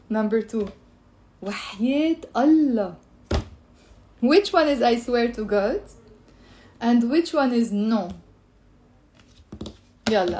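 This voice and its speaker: Woman, Lebanese Arabic accent, somewhat high voice, chatty live-stream language teacher. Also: a little mellow. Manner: playful, chatty, greets viewers and repeats phrases.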